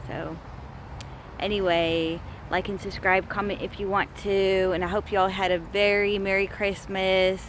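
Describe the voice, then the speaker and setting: A woman from the US state of Georgia vlogs casually to camera on a park trail, sounding a bit out of breath and exasperated. Her mid-range voice has little pitch movement and a slightly slow pace, with a little hiss or hum in the recording.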